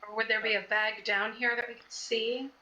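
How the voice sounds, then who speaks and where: A woman's voice: fairly high pitch, level tone, normal speed, bright, forceful tone, highs cut off. A woman playing a tabletop game, speaking hesitantly with many fillers. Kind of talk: casual play at a tabletop game.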